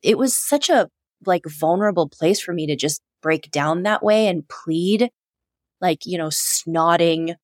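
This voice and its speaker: Woman, low voice, soft, heartfelt, thoughtful, dry close recording. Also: measured pace, dry recording. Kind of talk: reflective conversation.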